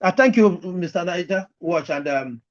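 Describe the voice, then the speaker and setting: A man's voice: high voice, lively intonation, normal speed, lo-fi sound. A man from Anambra State, speaking as a panelist in an online debate, earnest and firm. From Anambra State, Nigeria.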